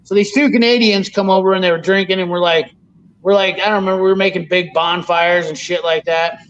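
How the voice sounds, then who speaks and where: Give me a high-voiced man in casual podcast chat, rambling and swearing, with a dull lo-fi sound. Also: steady tone, fast talker, fairly bright tone, clean tone. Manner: rambling storyteller, swears freely. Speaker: podcast host.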